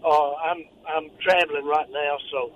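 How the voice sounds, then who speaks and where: A man's voice: fairly high pitch, steady tone, measured pace, a bit bright, lo-fi sound. A man from Mississippi, calling into a radio show while traveling, talking in a rambling, folksy, hesitant way. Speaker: caller. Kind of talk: phone-in call. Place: in a vehicle. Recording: faint noise, caller phoning while traveling.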